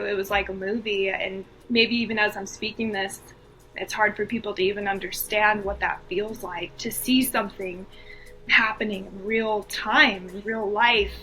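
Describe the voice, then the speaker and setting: A woman's voice: mid-range voice, bright, forceful tone. A woman from the US East Coast, a podcast guest, telling a personal story earnestly and with feeling, repeating phrases for emphasis.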